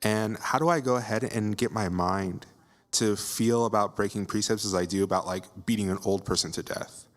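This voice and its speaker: A man's voice: lowish voice, moderate pace. A male student earnestly asking his teacher a question during a lecture. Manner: earnest, searching. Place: temple lecture hall. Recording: long hall reverb.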